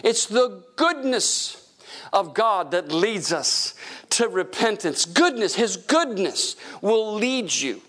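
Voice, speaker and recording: Male pastor, sermon, high voice, very lively swings, jokey storyteller. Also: takes it slowly. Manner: animated, jokey, acts out voices in quotes.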